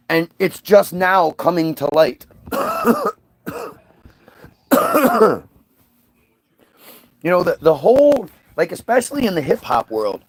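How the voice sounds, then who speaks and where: A man's voice: high voice, vocal fry. A man hosting a casual monologue, ranting scornfully and profanely, often repeating his words.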